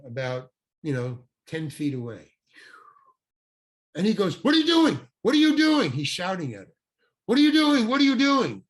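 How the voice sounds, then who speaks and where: An older man, a guest actor, telling an anecdote in an animated way and acting out the people he quotes. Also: fairly high pitch. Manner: animated, acts out quoted voices. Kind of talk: anecdotal storytelling.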